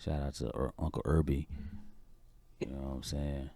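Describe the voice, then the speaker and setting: A man's voice: rumbling low, steady tone, normal speed, vocal fry, warm tone. A man co-hosting a podcast, talking in a laid-back, slangy way. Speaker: podcast co-host. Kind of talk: casual chat.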